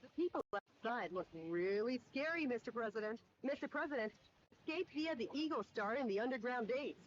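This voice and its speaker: A woman's voice: on the high side, animated, fairly quick, highs cut off, a little hiss or hum, natural voice. Woman voicing a polite presidential aide. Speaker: video game character.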